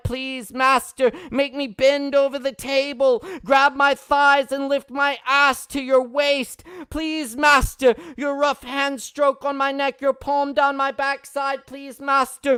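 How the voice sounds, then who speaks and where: A man hosting a live-streamed poetry open mic. He reads poems with loud, impassioned outbursts and talks in relaxed, quick asides between them. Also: very high-pitched, clear, resonant tone, dry recording, studio quality. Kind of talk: live-streamed poetry reading and host talk.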